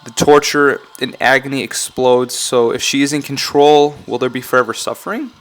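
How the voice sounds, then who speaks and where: A man's voice: medium pitch, normal speed. A man casually talking through song lyrics line by line in a vlog, rambling, correcting himself and often saying he's not sure. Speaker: YouTuber analyzing game song lyrics.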